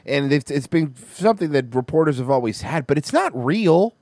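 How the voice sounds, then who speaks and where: A man in casual stream chat, swearing and sarcastic, with a fairly high voice that jumps around a lot. He is recorded close and dry, with no room sound. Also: normal speed, no echo. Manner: profane, sarcastic, animated. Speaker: streamer reacting to news with a co-host.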